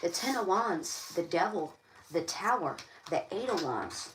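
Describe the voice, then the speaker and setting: Low-ish and sing-song, her voice moves a little slowly as she hosts a tarot live stream, impassioned and preachy, repeating phrases over and over. An echoey room, distant microphone, and faint noise mark the recording.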